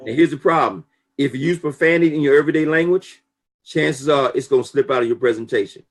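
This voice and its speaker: A man talking casually and emphatically about business conduct, preachy and full of lively storytelling. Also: mid-range voice, fast, soft background music. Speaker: network marketing talk show guest. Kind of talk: casual motivational talk.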